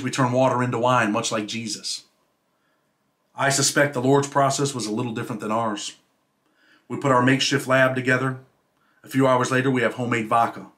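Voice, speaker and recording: Man reading his prison memoir aloud. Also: mid-range voice. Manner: steady storytelling read, dropping quieter at sentence ends.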